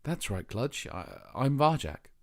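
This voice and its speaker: A man's voice: medium pitch, very animated, unhurried, voice pushed up. Brief: curious young cat, earnest and eager, played by a male reader.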